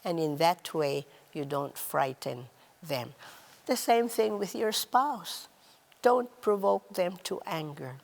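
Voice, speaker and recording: A woman hosting a talk on relationships, speaking in a slow, deliberate teaching style. She stresses words and drops softly on key phrases. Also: animated, gravelly, long reverb tail. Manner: measured, emphatic, drops to a soft low voice on key words. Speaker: host.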